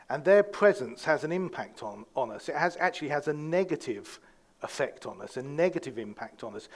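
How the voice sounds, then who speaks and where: A man giving a conversational sermon as pastor, with fillers and restarts. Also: fairly high pitch.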